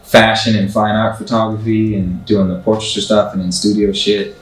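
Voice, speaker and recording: A man's voice: lowish voice, little pitch movement, moderate pace. A man telling stories as an interview guest in a laid-back, slangy way, swearing casually. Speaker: photographer and musician guest. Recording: echoey room, far from mic, faint music.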